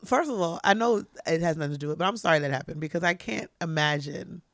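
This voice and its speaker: Give me a woman podcast host with a low, gravelly voice who chats bluntly. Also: fast talker, a bit bright, dry recording, studio quality. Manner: blunt, reacts with frequent affirmations. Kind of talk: casual chat.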